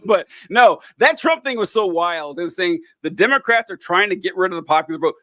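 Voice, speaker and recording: A man's voice: high voice, expressive, brisk, a bit bright, no echo. Dry-miked man, incredulous political talk. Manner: incredulous, laughing often. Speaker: political commentator. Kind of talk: casual political chat.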